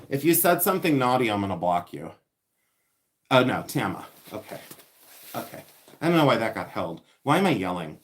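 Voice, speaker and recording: A man's voice: fairly low pitch, big pitch swings, fairly quick, fairly bright tone. A man hosting a casual livestream, chatting in a distracted, rambling way as he unboxes vintage finds and answers viewer comments.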